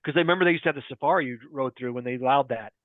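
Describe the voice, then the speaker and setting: Fast-talking man on a tinny call line. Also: mid-range voice, no echo. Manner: chatty storyteller, laughs often. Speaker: podcast guest, filmmaker. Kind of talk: casual chat.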